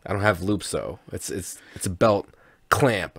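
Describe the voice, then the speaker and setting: A man's voice: low-pitched, unhurried, gravelly, fairly bright tone, no room sound. A man co-hosting a podcast in a casual chat, rambling and laughing often with frequent restarts, recorded in a studio. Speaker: podcast co-host.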